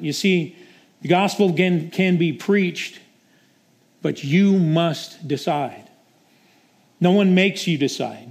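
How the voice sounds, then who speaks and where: A male preacher delivering a sermon with dramatic storytelling. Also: on the high side.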